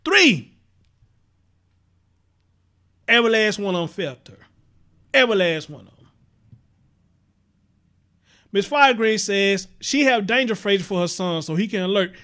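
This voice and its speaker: A man's voice: sits high, lively intonation, unhurried, long pauses, bright, forceful tone. A man hosting a live-stream commentary show, talking passionately and profanely and repeating himself as he reacts to viewer comments.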